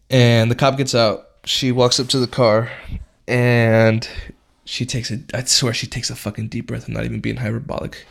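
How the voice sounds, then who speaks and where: A man's voice: mid-range voice, little pitch movement, normal speed, vocal fry. A young man hosting a podcast, telling a story in a casual, laid-back way, full of slang and swearing. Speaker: podcast host.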